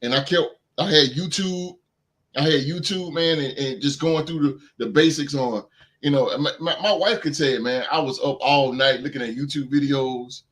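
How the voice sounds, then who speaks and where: Earnest, emphatic man, higher voice. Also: normal speed, fairly bright tone. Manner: emphatic, repeats himself, earnest and motivational. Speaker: podcast guest. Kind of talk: heartfelt casual chat.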